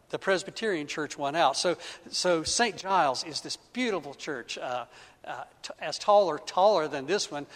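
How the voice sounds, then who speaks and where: A man's voice: on the high side, fairly bright tone. A male pastor preaching a sermon, telling a story with frequent restarts and repeated words. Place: church sanctuary. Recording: echoey church sanctuary.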